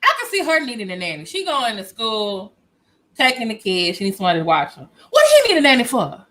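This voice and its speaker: A woman giving sassy, animated reaction commentary aimed at the viewer. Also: on the high side, fast, rough recording. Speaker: commentary YouTuber.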